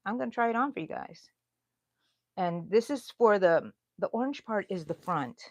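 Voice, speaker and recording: A woman's voice: mid-range voice, animated, moderate pace, darkish tone, dry recording. A woman, chatting in a rambling way to viewers of her crochet livestream from a bedroom at home. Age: 60s. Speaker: crochet channel host. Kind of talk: casual livestream chat.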